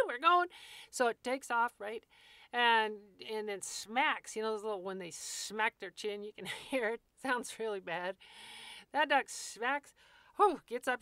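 Woman, folksy instructor, step-by-step storytelling, dry close sound, clear voice. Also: fairly high pitch, unhurried, fairly bright tone, dry recording. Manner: vivid storytelling, speaks to listener as "you", folksy. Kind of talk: guided walkthrough talk.

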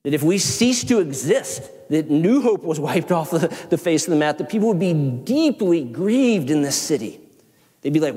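A man with a Southern accent, a pastor preaching a sermon in an animated, conversational way with self-deprecating asides. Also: fairly high pitch, normal speed. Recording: long hall reverb.

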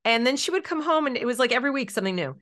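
A woman's voice: on the high side, racing. A middle-aged woman, an education consultant, telling stories in an interview and acting out the voices she quotes. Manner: animated, acts out quoted voices. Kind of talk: storytelling in an interview.

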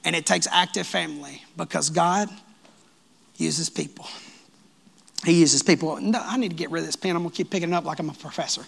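A man preaching a sermon as pastor of his church, lively and joking with the congregation. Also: fairly high pitch, rapid-fire, gravelly, hardly any pauses, slightly rough. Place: church sanctuary.

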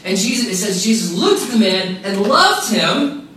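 A man delivers a sermon with emphatic repetition and casual asides. His voice sits high, and the recording is heavily echoey, picked up from a distance with faint background noise. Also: big pitch swings, normal speed, sharp tone. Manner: emphatic, repeats key phrases, casual asides. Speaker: pastor. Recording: very echoey room, mic far off, faint noise.

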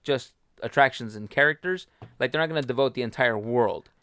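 A man's voice: medium pitch, brisk, sharp tone, clear, resonant tone, no room sound. A man in a casual podcast chat about theme parks, opinionated, hedging at first and then blunt.

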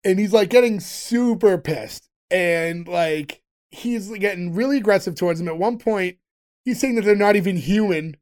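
A podcast co-host in casual chat, retelling a sitcom episode and acting out the lines with animated delivery. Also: mid-range voice, normal speed.

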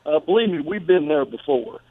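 Male phone-in football analyst, emphatic and stammering, higher voice, tinny phone line. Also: lively intonation, fairly quick, slightly rough. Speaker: college football guest analyst. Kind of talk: phoned-in sports radio talk.

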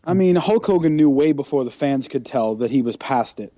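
A man co-hosting a podcast in casual chat, talking in an animated, ranting way and slipping into mocking impressions. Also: mid-range voice, fairly quick, lo-fi sound. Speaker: podcast co-host.

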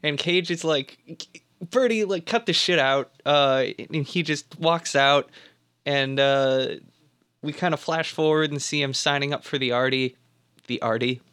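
A man's voice: medium pitch, steady tone, measured pace, a bit bright, clear, resonant tone. A man co-hosting a podcast, recapping a film plot in a loose, rambling way with lots of fillers. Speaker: podcast co-host. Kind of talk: casual film recap chat.

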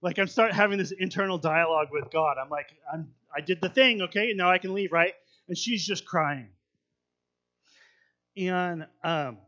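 A young man recounts a faith experience in an informal sermon voice, pitched somewhat high for a man. His delivery is chatty and halting, with plenty of fillers, then grows louder as the tension builds. The recording sounds dull and lo-fi. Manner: conversational storytelling with fillers, swelling louder at intense moments. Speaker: speaker telling a personal testimony. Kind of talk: sermon-style personal story.

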